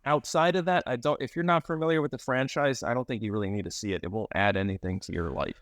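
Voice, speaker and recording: A man's voice: mid-range voice, quick pace, dry recording. Male podcast co-host, dry close mic, profane and rambling. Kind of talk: casual movie review chat.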